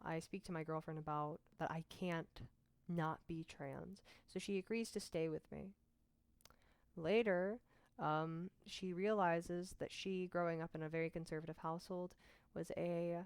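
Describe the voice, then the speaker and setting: Young woman, from Mississippi, personal vlog storytelling, candid and frank, slightly low voice, dry close sound. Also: a little mellow, no echo. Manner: candid, frank and conversational, with self-deprecating asides. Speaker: vlogger.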